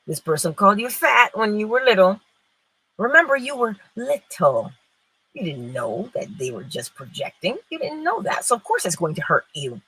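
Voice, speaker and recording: A middle-aged woman giving an inspirational spiritual talk, expressive, moving between loud and hushed phrases. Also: lowish voice, breathy edge, rough recording. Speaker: spiritual teacher.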